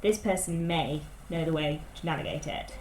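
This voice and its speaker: A woman's voice: low-pitched, moderate pace, a little mellow, echoey room, a little hiss or hum, rough recording. A British woman playing a tabletop game, cautiously laying out plans step by step. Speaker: player. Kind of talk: tabletop role-play chat.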